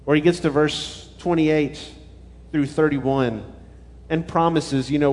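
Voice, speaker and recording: A man delivers a sermon, walking his listeners through a scripture passage in an easy, conversational way. His voice sits a little high for a man. A long hall reverb trails behind every phrase. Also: fairly even intonation, takes it slowly, darkish tone. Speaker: pastor.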